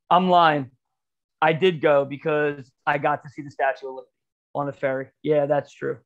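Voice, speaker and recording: A man tells a rambling story on a podcast, swearing freely and breaking into laughs. His voice sits a little high for a man. The audio is dull and lo-fi. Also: level tone, moderate pace. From Philadelphia area. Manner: rambling, profane, laughs often. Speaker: podcast co-host. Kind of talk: casual storytelling chat.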